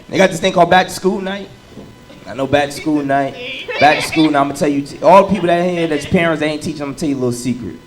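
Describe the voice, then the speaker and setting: A man in his thirties performing a stand-up comedy set, telling animated stories and shouting into bits. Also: a little high, quick pace, poor audio. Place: comedy club stage with live audience. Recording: live room with loud crowd laughter.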